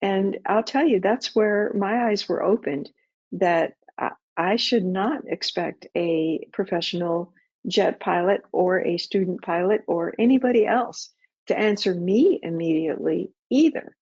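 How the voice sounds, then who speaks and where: A middle-aged woman who used to be an air traffic controller answers pilots' questions in a webinar Q&A, practical and conversational, acting out radio calls. Her medium-pitched voice is unhurried, husky, and darkish. The webinar audio is dull and muffled, with no room sound.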